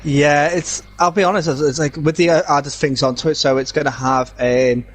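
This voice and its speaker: A man's voice: a little high, steady tone, moderate pace. Man, co-commentator, easygoing, hesitant, filler-heavy, headset mic. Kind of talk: casual live race commentary.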